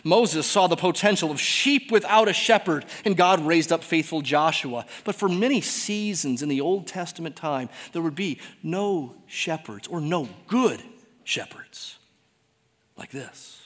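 Preacher, male, somewhat high voice; swings from loud exclaims to hushed near-whispers; long church-hall reverb. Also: normal speed, hardly any pauses. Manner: reads scripture aloud dramatically. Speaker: pastor. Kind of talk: sermon.

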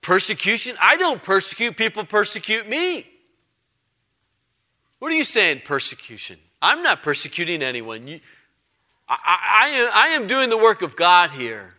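A man's voice: high voice, very animated, moderate pace, sharp tone, voice pushed up, full character voice. A man putting on an indignant, self-righteous zealot. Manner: protesting, stammering insistence.

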